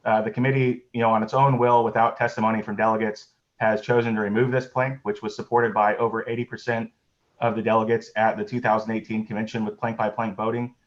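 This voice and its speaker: A convention delegate giving formal, argumentative testimony to a committee over a video call. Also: male voice, lowish voice, flat delivery, fast talker, lo-fi sound. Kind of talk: public testimony.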